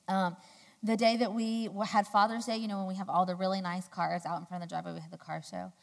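A woman giving a sermon, telling a personal story in a chatty, animated way with loud, high quoted outbursts. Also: fast talker, creaky. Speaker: church speaker. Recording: long hall reverb.

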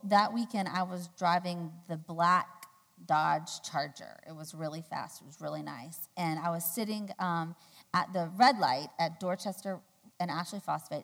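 A woman giving a sermon, telling a personal story in a chatty, animated way with loud, high quoted outbursts. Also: moderate pace, creaky. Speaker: church speaker. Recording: long hall reverb.

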